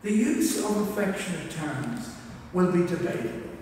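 A man's voice: high voice, big pitch swings, normal speed, a little mellow, slight background noise. A man preaching a sermon as a minister, chatty and humorous, with asides. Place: church. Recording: echoey church hall from far off.

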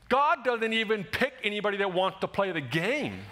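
A male pastor delivering a sermon with a high, bright, ringing voice. He preaches in an animated, conversational way, slipping into short acted-out quotes. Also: normal speed, hardly any pauses. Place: church sanctuary.

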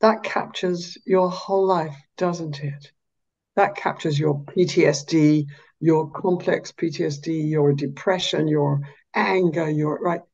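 A woman psychologist explaining her therapy in an interview, animated, sometimes dropping to a slow, soft, low voice to show how she talks to clients. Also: vocal fry, muffled recording. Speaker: psychologist and therapist, podcast guest.

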